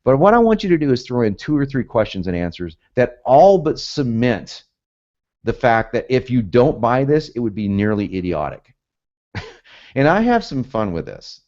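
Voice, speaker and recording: A man's voice: mid-range voice, very animated, normal speed, darkish tone. A man teaching in a casual, chatty way, often laughing and acting out the lines he quotes. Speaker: copywriting teacher. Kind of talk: casual instructional talk. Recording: dull lo-fi audio.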